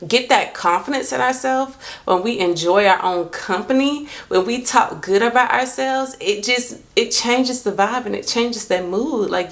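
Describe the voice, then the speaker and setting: Expressive young woman vlogging to camera. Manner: lively, expressive, jumps up in pitch when quoting herself. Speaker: faith and self-love vlogger. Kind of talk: casual talk to camera.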